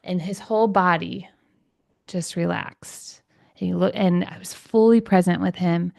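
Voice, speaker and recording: This is an energetic woman in her forties who coaches parents. She chats in an interview with animated enthusiasm and laughs often. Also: fairly low pitch, a little slow, creaky. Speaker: parenting coach and podcast host. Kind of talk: conversational interview.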